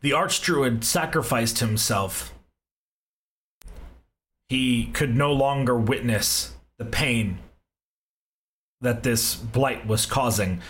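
A man as game master, narrating a tabletop game in deliberate storytelling with pauses. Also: mid-range voice, a bit bright, rough recording.

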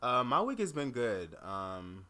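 A man co-hosting a podcast in casual chat, chatty and quick to laugh while telling stories. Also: mid-range voice. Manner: chatty, laughs often, animated storytelling. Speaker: podcast co-host.

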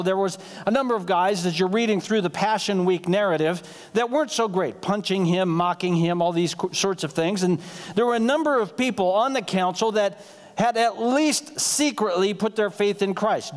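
Male pastor preaching, pretty high voice, chatty, long hall echo. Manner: conversational, acts out quick dialogue lines. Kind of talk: sermon. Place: church sanctuary.

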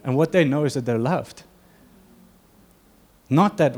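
A male pastor delivering a sermon to his congregation in an earnest, conversational manner. His voice sits at an ordinary middle pitch. He slips into short acted-out quotes. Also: measured pace, a little mellow, breathy edge.

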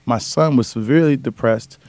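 A man's voice: medium pitch, no room sound. A man, a comedian, talking casually in an interview, telling stories and acting out other people's voices. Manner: fast, animated storyteller acting out voices. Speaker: comedian guest.

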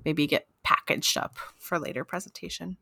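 A woman co-hosting a podcast in casual chat, enthusiastic and quick to laugh. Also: fairly low pitch, steady tone, vocal fry, sharp tone, dry recording, studio quality. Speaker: podcast co-host.

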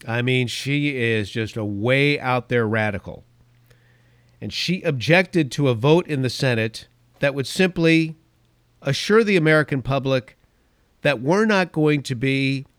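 Brief: male podcast host, mid pitch, earnest animated read, dry close-miked studio sound. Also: dry recording. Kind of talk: scripted podcast monologue.

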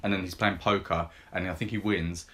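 Man, fairly low voice, podcast co-host, casual film chat, rambling, lots of filler words. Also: a little fast. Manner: rambling and filler-heavy, lots of ums and likes; relaxed, retelling film scenes in plain everyday talk. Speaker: podcast co-host reviewing films.

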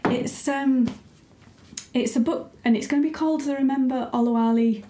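A woman's voice: high voice, moderate pace, mellow, reverberant, a little hiss or hum. A woman, a writer and editor, chatting casually and thoughtfully with frequent ums. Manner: thoughtful, a little hesitant with many ums. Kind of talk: casual conversation.

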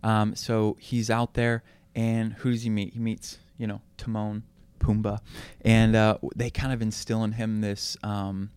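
A young man talking casually about faith, retelling a film story in an earnest, relaxed way with many fillers. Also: lowish voice, measured pace, hardly any pauses, clean tone, dry recording. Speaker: guest.

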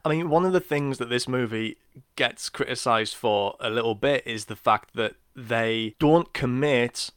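A man's voice: mid-range voice, measured pace, fairly bright tone, dry recording, clean studio sound. A man co-hosting a podcast, easygoing, sharing film trivia. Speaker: podcast co-host. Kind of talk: casual film discussion.

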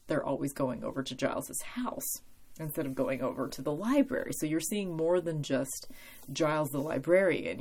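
A woman's voice: low voice, a little mellow. A young woman hosting a casual solo podcast, rambling and self-deprecating as she talks through a TV episode. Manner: rambling, self-deprecating, with frequent laughs and fillers. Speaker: podcast host.

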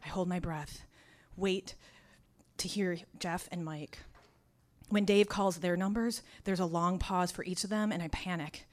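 A woman telling a personal story out loud, dry and wry, turning raw and intense as it goes. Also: fairly low pitch, moderate pace, few pauses. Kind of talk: first-person spoken storytelling.

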